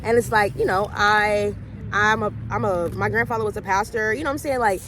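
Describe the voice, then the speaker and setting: A woman's voice: mid-range voice, brisk, background noise. A young woman hosting a faith vlog, casually retelling a movie and acting out the characters' lines. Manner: chatty storyteller acting out quoted dialogue.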